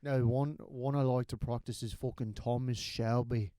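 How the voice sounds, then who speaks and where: A man's voice: mid-range voice, fairly even intonation, moderate pace, dark tone, no echo, clean studio sound. A man chatting casually as a podcast guest, laid-back and swearing, often restarting his sentences. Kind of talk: casual chat.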